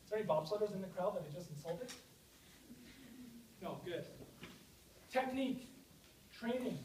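A man giving an energetic, out-of-breath motivational lecture to students, speaking straight to the audience. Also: sits high, normal speed. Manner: energetic, addresses audience directly. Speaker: guest lecturer. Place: university lecture hall. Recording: echoey hall from far off, faint noise.

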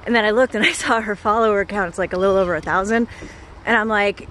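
A woman's voice: mid-range voice, fairly even intonation, quick pace, a bit bright, a little hiss or hum. A woman vlogging as she walks outdoors, gushing and enthusiastic, laughing often and a bit out of breath. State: out of breath while walking. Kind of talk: casual vlog talk to camera. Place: outdoors on a walk.

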